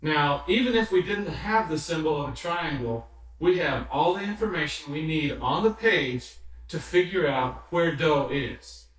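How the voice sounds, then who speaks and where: A man's voice: fairly high pitch, a bit bright. A man teaching a music lesson, patiently explaining notes, rhythms and solfege, sometimes chanting or singing them. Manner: patient, counts rhythms and sings solfege aloud. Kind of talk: slow instructional explanation. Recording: very echoey room, somewhat distant mic.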